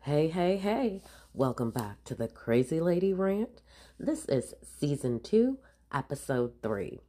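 A woman hosts her rant show, and her voice sits very low. She sounds stuffed up from allergies, and her talk is blunt and sassy, with a laugh now and then. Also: big pitch swings, a little slow, mellow. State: stuffed up from allergies, voice lower than usual. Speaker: podcast host. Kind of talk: casual ranting monologue.

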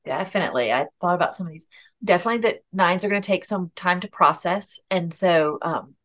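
In a relaxed podcast conversation, a guest with a lowish voice and fairly bright tone talks openly about herself. She laughs at her own expense at times and rapidly starts sentences over.

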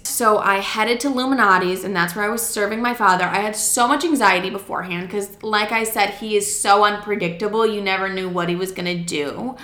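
A young woman tells a casual story time, chatty and blunt, swearing freely as she acts out each quote. Her voice is bright and forceful. It rings a little in an echoey room. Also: mid-range voice. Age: young adult.

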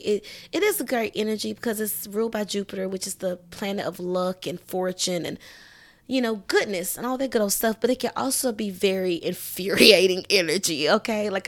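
Woman, podcast host, casual solo chat, emphatic, conversational, mid-range voice, animated reactions. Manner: conversational, emphatic, keeps asking "you know what I'm saying"; animated, raises pitch when acting out reactions.

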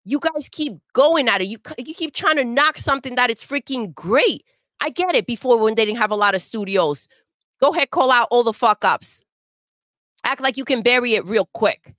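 A woman's voice: fairly high pitch, lively intonation, normal speed, a bit bright, dry recording, studio quality. Fired-up woman ranting about gaming. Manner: fired-up, profane ranting with repeated jabs. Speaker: co-host. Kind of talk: heated gaming rant, casual chat.

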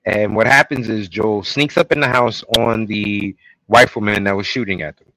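A man co-hosting a casual podcast, retelling TV episode scenes in an animated way and acting out the lines. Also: fairly low pitch, normal speed, rough recording. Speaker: podcast co-host. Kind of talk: casual recap chat.

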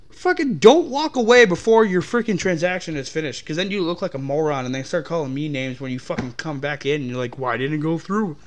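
A man's voice: a little high, a bit bright. Profane, exasperated man ranting. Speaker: podcast host. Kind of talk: ranting about customers.

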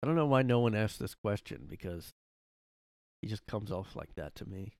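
A man's voice: fairly low pitch, lively intonation, normal speed, a little mellow, no room sound. A man rambling through a casual solo podcast from his room, full of fillers and restarts. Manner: rambling, lots of fillers and self-corrections, laughs often. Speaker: podcast host. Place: home room.

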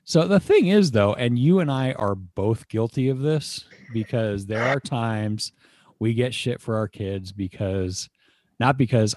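A man's voice: mid-range voice, lively intonation, unhurried, a little mellow. A man in his thirties hosting a casual podcast, rambling and swearing freely. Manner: profane, rambling. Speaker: podcast host.

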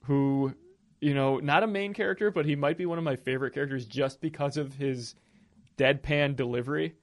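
A man co-hosting a podcast, talking through a film's characters in a relaxed, crude, joking way with many fillers. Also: mid-range voice, fairly quick. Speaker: podcast co-host. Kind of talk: casual film discussion.

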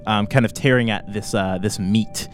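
A man's voice: lowish voice, fairly even intonation, normal speed, faint music behind. A man narrating as game master in a tabletop game, with a hesitant manner full of fillers and hedges.

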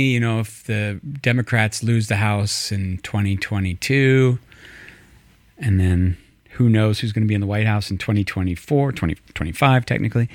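A man co-hosting a casual political chat show, telling stories with animated asides and putting on voices when he quotes people. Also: on the low side, dry recording, studio quality. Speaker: podcast co-host.

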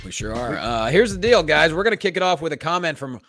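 A man hosting a casual comedy podcast, telling a story in an animated, jokey way. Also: fairly high pitch, quick pace, soft background music. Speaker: podcast host.

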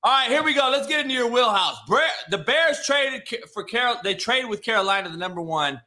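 A man's voice: very high voice, expressive, a little fast, bright, forceful tone. A man hosting a casual sports talk show, laid-back, swearing freely and restarting his sentences. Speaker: podcast host.

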